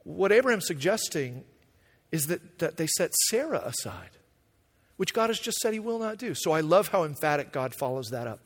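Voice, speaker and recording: A man preaching a sermon, animated, acting out paraphrased dialogue in a casual voice. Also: a little high, normal speed, long reverb tail. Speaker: pastor.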